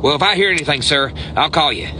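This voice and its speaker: A man's voice: fairly high pitch, animated, fast talker. A man from the United States doing a comic one-sided phone call, earnest and polite, stammering as he restarts his sentences. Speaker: comedian. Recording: background noise.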